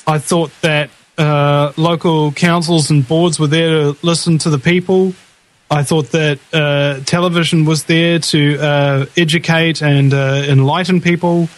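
Male talk host, slightly high voice, emphatic, halting delivery. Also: little pitch movement. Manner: emphatic, hesitant with many uh's. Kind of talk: casual conversation.

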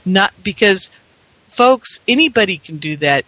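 Man, 50s, rambling earnest storyteller, high bright voice, dry close sound. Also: lively intonation, moderate pace, dry recording. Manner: rambling, earnest, repeats himself with many fillers. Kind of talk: casual spoken storytelling.

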